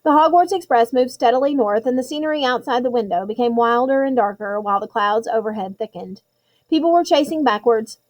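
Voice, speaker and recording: Expressive woman reading a novel aloud. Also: on the high side, low-quality recording. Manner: expressive storytelling with occasional slips. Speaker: narrator.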